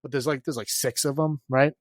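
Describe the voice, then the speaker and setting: A man's voice: medium pitch, fairly even intonation, fairly quick, no echo. A man co-hosting a podcast, casually recapping a film in a rambling way, full of filler words and laughs. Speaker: podcast co-host.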